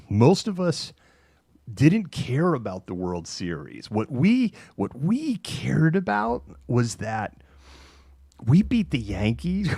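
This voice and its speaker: A middle-aged man hosting a casual talk show, telling a long anecdote in an animated way, laughing between phrases and using many fillers. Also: mid-range voice, gravelly, slightly rough, no echo. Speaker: host. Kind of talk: casual chat, anecdotal storytelling.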